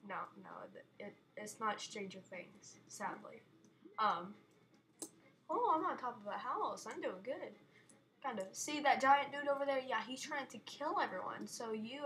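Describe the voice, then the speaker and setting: Woman gaming host, higher voice, unhurried, chatty and giggly, playfully dramatic. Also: sharp tone, a little hiss or hum. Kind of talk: casual let's-play commentary. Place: her bedroom.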